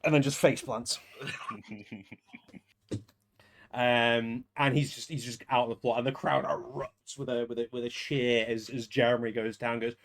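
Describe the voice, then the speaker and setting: A man's voice: mid-range voice, little pitch movement, a little slow, vocal fry, pauses often, fairly bright tone. A man narrating as game master, chuckling often and stumbling into restarts. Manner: rambling, chuckling, many restarts.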